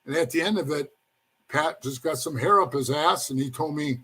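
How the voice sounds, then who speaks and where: Husky, higher-voiced man spinning a rambling story. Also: moderate pace, sharp tone. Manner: rambling, says "bro" often, acts out quoted voices. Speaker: former motorcycle club member telling his story. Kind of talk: casual storytelling interview.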